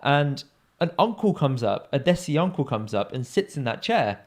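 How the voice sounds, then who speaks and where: Young male podcast co-host, lively storyteller who does the voices, mid pitch. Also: moderate pace. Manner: animated storyteller, acts out quoted voices with big pitch jumps. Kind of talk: casual storytelling chat.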